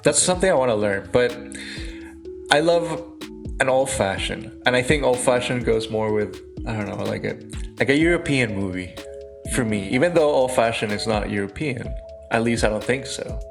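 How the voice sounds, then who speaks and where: A man co-hosting a laid-back podcast. His voice has a gravelly edge, and he chats in an easygoing, relaxed way. Faint music sits behind him. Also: mid-range voice, normal speed. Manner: easygoing, laughs along. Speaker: podcast co-host. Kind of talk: casual chat.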